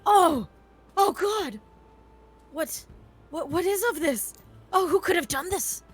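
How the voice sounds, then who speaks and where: A woman's voice: a little high, sing-song, moderate pace, slightly rough, faint music behind. A woman voicing a tabletop game character who fakes exaggerated shock with stammering, theatrical exclamations.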